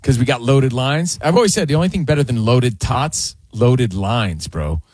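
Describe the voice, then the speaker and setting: A man's voice: mid-range voice, normal speed, slightly rough, dry recording. A man hosting a sports radio show in a studio, bantering with his co-hosts and reading ads with lots of energy. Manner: energetic, reads ads, belts silly impressions.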